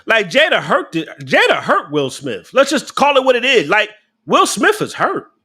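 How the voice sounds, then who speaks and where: A man's voice: very high-pitched, wildly swooping pitch, normal speed, sharp tone, slightly rough. A young adult man, casually ranting on a live stream, blunt and profane, laughing often and talking back to his chat.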